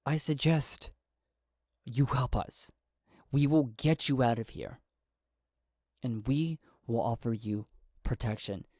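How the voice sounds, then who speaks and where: A man narrating a solo tabletop game and voicing a calm, persuasive male rebel who negotiates diplomatically. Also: mid-range voice, no room sound, clean studio sound. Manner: measured, diplomatic.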